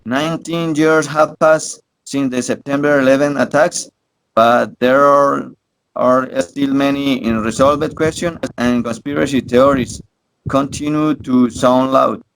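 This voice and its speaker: A man's voice: medium pitch, fairly even intonation, unhurried, gravelly, fairly bright tone, poor audio. A young man moderating a class debate in English, hesitant and repeating words. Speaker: student moderator.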